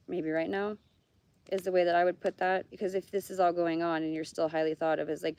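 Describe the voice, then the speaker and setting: Woman, middle-aged, from Canada, gravelly voice, chatty card reader, outdoors, faint background noise. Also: fairly low pitch, a little mellow. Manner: chatty, swears freely, laughs often. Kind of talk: casual live-stream card reading. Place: outdoors by a fire.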